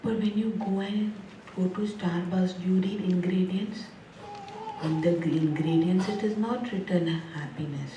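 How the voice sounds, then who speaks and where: Recorded from a distance in an echoey hall with slight background noise, a woman with a low-leaning, dark voice gives a spiritual talk laced with humor. As a spiritual teacher, she's chatty and playful, laughs often and repeats words rhythmically.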